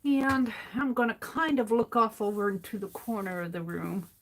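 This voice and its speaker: A middle-aged woman with a fairly high-pitched voice and fairly even intonation narrates casually while sketching for her art vlog. She talks slowly to herself, musing over what to draw next.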